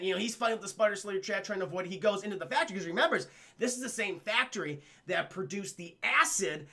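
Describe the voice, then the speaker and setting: A man's voice: high voice, pushed and bright. A man casually recapping a cartoon episode for his live chat, rambling, swearing and addressing the chat again and again. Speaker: livestream cartoon reviewer.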